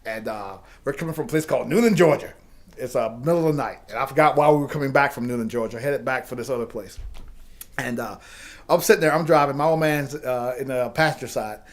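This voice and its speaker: A middle-aged man, telling drawn-out anecdotes with lots of fillers and frequent laughter in a casual podcast chat. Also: mid-range voice. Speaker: podcast co-host.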